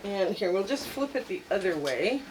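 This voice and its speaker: A woman's voice: mid-range voice, very animated, normal speed, darkish tone, a little hiss or hum, poor audio. A middle-aged woman hosting a quilting channel, chatting casually and rambling a bit as she shows a quilt top in her sewing room. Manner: chatty, rambling, friendly sign-off. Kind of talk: casual show-and-tell vlog.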